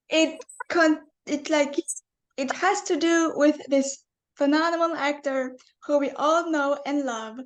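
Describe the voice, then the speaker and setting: High-voiced, slow-talking woman host. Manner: enthusiastic, filler-heavy. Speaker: podcast host. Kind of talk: casual interview chat.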